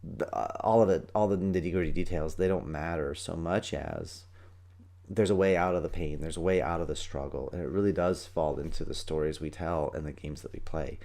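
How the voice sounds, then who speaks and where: Male podcast host, deep voice, quick and excitable, acts out little scenes. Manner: fast, excited, acts out kids' and parents' voices. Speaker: podcast host, parenting coach and martial arts teacher. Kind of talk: energetic solo podcast talk.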